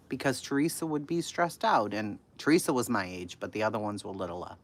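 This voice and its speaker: Animated, swearing woman telling stories. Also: very deep voice, a little fast, few pauses. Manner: animated, profane, laughs often, swings from loud to hushed. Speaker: livestream host. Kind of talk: casual storytelling to a live chat.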